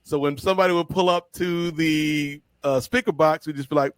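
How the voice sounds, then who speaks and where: A man co-hosting a podcast, telling stories in an animated, slangy way. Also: on the high side, moderate pace, hardly any pauses, clear, resonant tone, dry recording. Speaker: podcast co-host. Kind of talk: casual storytelling chat.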